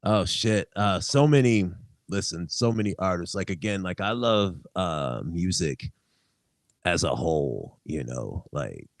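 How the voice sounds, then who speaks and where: Deep-voiced laughing young man. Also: expressive, a little slow, gravelly, no echo. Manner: laughing, swearing storyteller. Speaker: guest musician. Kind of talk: casual chat.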